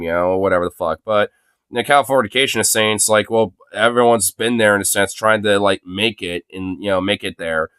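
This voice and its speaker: A man's voice: on the low side, brisk, a bit bright, clean tone, dry recording. A young man chatting casually as a host reacting to videos, rambling, laughing often and swearing freely.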